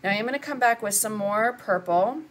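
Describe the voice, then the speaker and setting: A woman's voice: mid-range voice, moderate pace. An older woman, chatting through a live painting lesson and answering viewers as she works. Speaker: art instructor.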